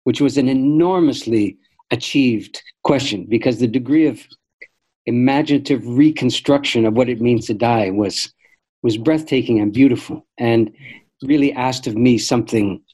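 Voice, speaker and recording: An older man speaks as an interview guest in a warm, mellow voice at a mid pitch. He tells stories reflectively and measuredly, often restarting his sentences. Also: breathy edge, rough recording. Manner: thoughtful, measured, frequent restarts. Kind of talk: reflective storytelling conversation.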